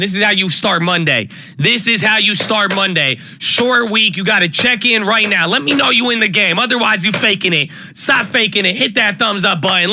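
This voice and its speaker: A man hosting a live stock trading stream, talking casually and hyping up his viewers with repeated calls. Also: high-pitched. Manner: hype, energetic, repeats phrases. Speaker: livestream stock trading host.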